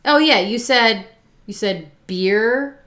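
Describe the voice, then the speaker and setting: A woman from South Jersey with a South Jersey accent, co-hosting a casual livestream chat and getting loud when she rants. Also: on the high side, animated, slow. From South Jersey, USA. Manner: gets loud and fired up when ranting. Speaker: livestream co-host.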